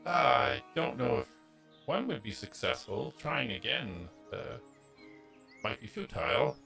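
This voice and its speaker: A man voicing a huge, polite automaton who speaks slowly and evenly. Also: medium pitch, big pitch swings, vocal fry, bright, forceful tone, soft background music, voice pushed up, heavily acted. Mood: doubtful.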